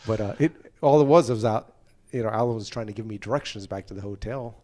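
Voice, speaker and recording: An American musician being interviewed, telling stories in a casual, animated way and acting out other people's lines. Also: male voice, on the low side, fast talker. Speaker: musician guest.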